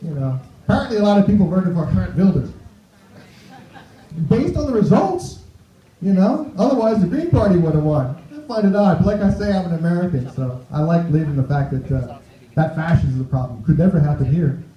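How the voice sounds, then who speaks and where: A man's voice: high voice, animated, brisk. A man performing a stand-up set on a club stage, chatty, tossing asides to the crowd. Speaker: stand-up comedian. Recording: roomy, dull club recording.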